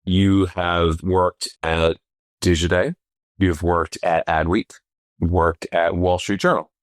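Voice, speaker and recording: Low-voiced male co-host, relaxed and friendly, dry mic. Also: takes it slowly, no room sound. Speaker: podcast co-host. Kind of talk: casual podcast chat.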